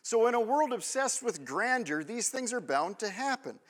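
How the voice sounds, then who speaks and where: A man's voice: extremely high pitch, sing-song, normal speed. A man in his thirties preaching a sermon in a conversational way, often checking in with the congregation. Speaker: pastor.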